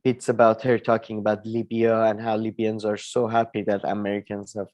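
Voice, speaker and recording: A man's voice: on the low side, level tone, a little fast, darkish tone. A man co-hosting a casual political debate chat, heated and rambling, swearing and filling gaps with many "uh"s. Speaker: podcast co-host.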